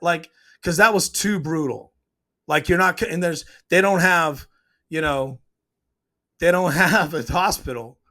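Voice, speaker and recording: A man's voice: on the high side, measured pace, sharp tone. Opinionated man breaking down a TV scene. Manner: opinionated, retells scenes by acting out quotes. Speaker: TV show reviewer. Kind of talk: casual scene breakdown commentary.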